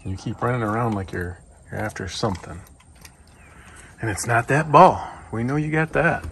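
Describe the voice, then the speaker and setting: A man's voice: mid-range voice, normal speed, creaky, fairly bright tone, slight background noise. A man talking to his dogs in a coaxing, sing-song way while he gets their lunch ready, first outdoors and then inside. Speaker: dog vlogger. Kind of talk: casual talk to his dogs. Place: outdoors in a yard, then indoors.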